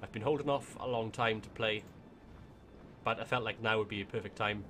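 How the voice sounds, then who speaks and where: A man's voice: fairly low pitch, brisk, a bit bright, slight background noise. A man with a Welsh accent giving casual gameplay commentary, thinking aloud as he plays. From Wales. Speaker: gaming YouTuber.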